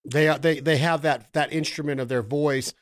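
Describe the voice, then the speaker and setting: A man hosting a podcast, chatting enthusiastically about calling technique and breaking into quick vocal imitations. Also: fairly high pitch, steady tone. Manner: enthusiastic, imitates calls and singers mid-talk. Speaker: podcast host. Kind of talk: casual technical chat.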